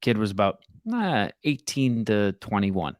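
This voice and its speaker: A relaxed young man co-hosting a sports podcast, with a smooth, clear voice pitched a little low. He tells stories at an easy, unhurried pace. The recording is dry and close. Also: dry recording. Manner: relaxed storyteller. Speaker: podcast co-host. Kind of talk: casual sports podcast chat.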